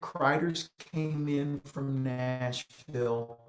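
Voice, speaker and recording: A man in his sixties from West Virginia co-hosts a casual video-call show. He talks in upbeat, rambling stretches at a middle pitch. His voice echoes around the room. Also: steady tone, drawn-out words, faint music behind. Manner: rambling, upbeat, warm-hearted asides. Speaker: co-host. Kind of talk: casual chat.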